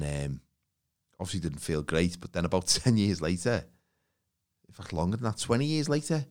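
A man in casual chat, telling a childhood story in a laid-back way. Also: lowish voice.

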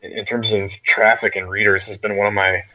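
A low-pitched man rambles at length as a podcast guest reviewing games. His talk is wordy and loose. The audio is dull and lo-fi. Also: flat delivery, fairly quick, pushed and bright. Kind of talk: casual podcast chat.

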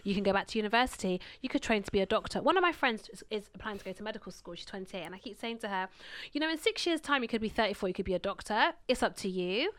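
A woman's voice: medium pitch, rapid-fire, few pauses. A woman, chatting casually and acting out the people in her stories. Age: 30s. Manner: animated storyteller, acts out quotes. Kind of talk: casual chat.

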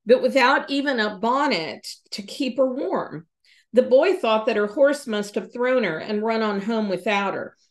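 A woman, hosting a podcast and reading a folksy ghost story aloud with fillers and small slips. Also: on the high side. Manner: folksy, pauses with fillers and self-corrections. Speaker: podcast host.

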